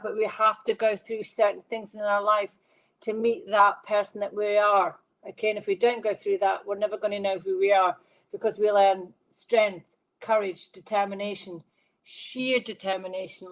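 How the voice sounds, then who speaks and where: A woman's voice: mid-range voice, vocal fry, poor audio. A middle-aged woman who works as a psychic medium, giving chatty, rambling readings on a live stream and reading viewers' comments aloud.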